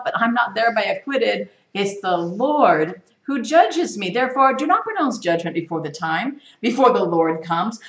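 Woman teaching bible study, lively and emphatic, echoey room. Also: medium pitch. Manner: animated, emphatic, reads scripture aloud with rising stress.

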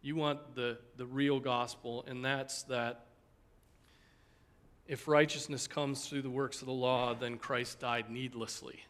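A man's voice: medium pitch, level tone, slow, fairly bright tone. A man, a pastor, teaching a Sunday school class in an earnest sermon style. He often checks in with the listeners with "right?" and "okay?" and ends by praying aloud. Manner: ends in a spoken prayer.

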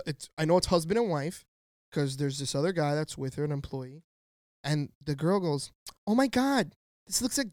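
A podcast co-host with a fairly high voice tells a story in casual chat, animated and full of slang and swearing. He acts out the people he quotes, and the studio-quality audio has no room sound.

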